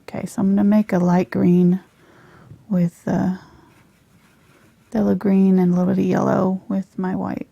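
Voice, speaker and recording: A woman teaching a live painting lesson on a lapel mic, soft-spoken and often dropping to a near whisper as she works. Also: medium pitch, little pitch movement, normal speed, gravelly, long pauses, lo-fi sound. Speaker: painting instructor.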